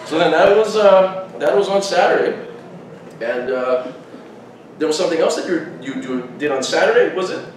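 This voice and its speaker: A man's voice: on the high side, animated, moderate pace. A man hosting a podcast, telling a long story in rambling casual chat with frequent restarts. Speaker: podcast host. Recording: very echoey room, distant mic, faint noise.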